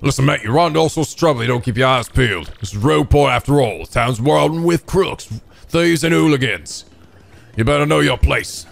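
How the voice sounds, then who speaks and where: A gruff little bomb of a dockworker barks warnings in a thick put-on Cockney, as a man puts him on. The voice is gravelly and swings up and down. He talks in harbor slang. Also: medium pitch, animated, a little fast, pitched below the performer's own voice. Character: gruff cockney male Bob-omb dockworker.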